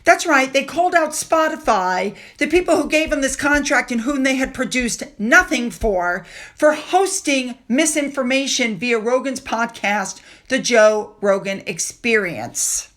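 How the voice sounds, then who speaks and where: A woman's voice: high-pitched, expressive, measured pace, fairly bright tone. A woman hosting a casual commentary vlog, chatty and sarcastic as she reads out quotes. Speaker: commentary channel host.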